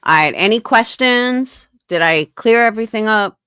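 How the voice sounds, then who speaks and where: A woman's voice: fairly high pitch, animated, normal speed, sharp tone, clear, resonant tone, dry recording, clean studio sound. A woman hosting a casual livestream, talking bluntly with frequent swearing and answering her chat. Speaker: livestream host.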